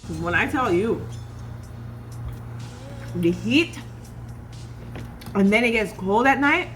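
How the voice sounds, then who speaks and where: A woman's voice: medium pitch, expressive, slow, a bit bright, faint music behind. A woman from California chatting casually as she cooks in her home kitchen, often calling her viewers "y'all". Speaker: cooking vlogger. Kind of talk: casual cooking chat.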